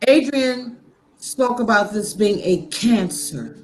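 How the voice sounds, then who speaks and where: Speaking slowly and deliberately on a talk show, a woman with a voice on the high side expressively preaches about her faith. She is heartfelt and impassioned, and she doesn't hold back on blunt profanity.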